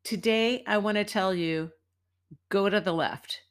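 A middle-aged woman from the United States hosts a podcast and tells a casual story with a wry edge. Her voice sits at a middle pitch, and she sounds chatty and at ease. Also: measured pace. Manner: chatty and wry, acts out quoted people. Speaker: podcast host and dance teacher.

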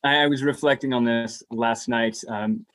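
Candid, halting man co-host. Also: medium pitch, steady tone, fairly bright tone, dry recording. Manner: candid, halting, searching for words. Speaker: podcast co-host. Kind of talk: casual chat.

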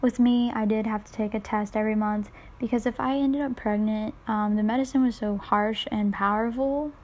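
A woman's voice: a little high, steady tone, normal speed, darkish tone. Congested young woman rambling on a podcast. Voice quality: congested, nasal from sinuses. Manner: rambling, self-deprecating, jokey asides. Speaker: podcast host. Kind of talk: casual solo podcast chat.

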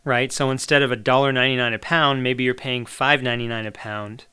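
A man's voice: mid-range voice, steady tone, brisk, pushed and bright, smooth. A middle-aged man hosting a podcast, talking in a chatty, opinionated monologue and swearing casually. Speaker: podcast host.

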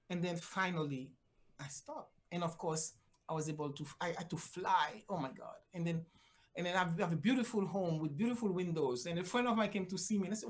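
An older woman from Haiti, a physician guest telling a personal story with lively voiced-out quotes and big swings in pitch. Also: moderate pace, long pauses. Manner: animated, acts out voices with big pitch jumps.

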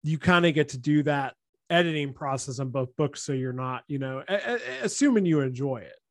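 A man's voice: on the high side, animated, normal speed, no echo. A man hosting a casual conversation about writing, chatty and rambling, full of "you know" and "like".

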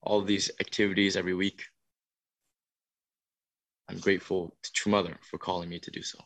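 A man's voice: low-pitched, level tone, brisk, a bit bright, dry recording. Earnest young man telling a testimony. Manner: earnest, emotional storytelling with rising intensity. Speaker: youth workshop leader. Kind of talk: testimony talk.

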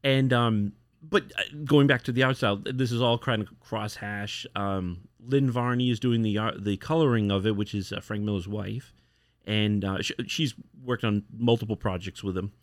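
A man's voice: on the low side, fairly even intonation, normal speed, no echo. A man co-hosting a podcast, casually retelling a comic's story with lots of fillers and acted-out quotes. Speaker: podcast co-host. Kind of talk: casual chat.

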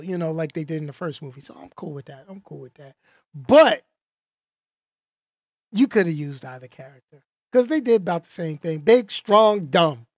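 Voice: mid-range voice, lively intonation, moderate pace, a little mellow, no room sound, clean studio sound. A movie reviewer talking casually and emphatically, tossing out rhetorical questions and repeating points for effect.

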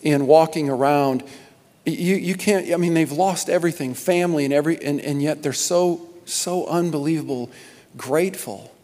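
A male pastor addressing his church with fervent, halting energy, stumbling over repeated words before building to loud, emphatic peaks. His voice sits a little high for a man and rings with the long reverb of a large sanctuary. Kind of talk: sermon announcements to a congregation.

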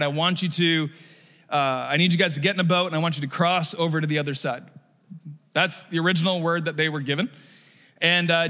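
A man preaching a sermon as pastor, conversational and animated, with casual fillers and rising emphasis. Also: fairly high pitch. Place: church sanctuary stage. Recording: long hall reverb.

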